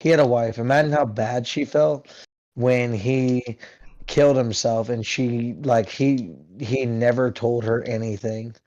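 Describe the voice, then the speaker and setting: A man's voice: mid-range voice, steady tone, a little slow, a little mellow, highs cut off. A young man who is a podcast guest, rambling casually with crude jokes and lots of fillers.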